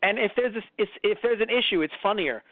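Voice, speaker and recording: A man's voice: sits high, fairly quick, dry recording. Rambling man on a lo-fi podcast. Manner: rambling, lots of fillers and restarts, acts out quotes in changing voices. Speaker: podcast co-host. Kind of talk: casual chat. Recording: dry, phone-like lo-fi sound.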